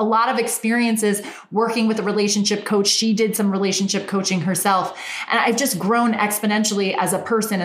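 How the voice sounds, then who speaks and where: Valley Girl woman coaching, echoey room. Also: medium pitch. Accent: Californian Valley Girl. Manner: earnest, enthusiastic and self-revealing. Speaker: dating and business coach. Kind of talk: motivational solo talk to viewers.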